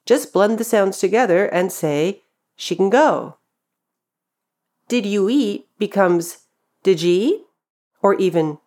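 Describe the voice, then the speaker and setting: A woman reading a scripted pronunciation lesson, speaking carefully and clearly and demonstrating example phrases. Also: on the low side, a little mellow. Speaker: pronunciation teacher. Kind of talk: scripted instructional narration.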